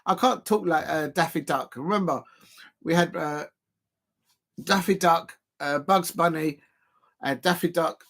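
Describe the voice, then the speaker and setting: Chatty football stream host. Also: male voice, a little high, measured pace, pauses often, a bit bright. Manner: rambling and chatty, laughing often. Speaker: football watch-along host. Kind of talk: casual live-stream commentary.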